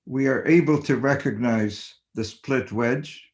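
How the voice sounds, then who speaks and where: An older man, a surgeon, giving a measured, deliberate webinar lecture and stressing basic principles. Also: mid-range voice. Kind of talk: slow academic lecture. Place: home or office on webinar.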